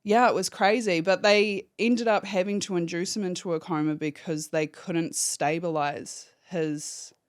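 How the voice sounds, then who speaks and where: A woman's voice: fairly low pitch, fairly even intonation, unhurried, hardly any pauses, dry recording, clean studio sound. A woman, a podcast guest giving a candid, emotional personal account and swearing freely. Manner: candid, swears freely, acts out phone calls in quotes.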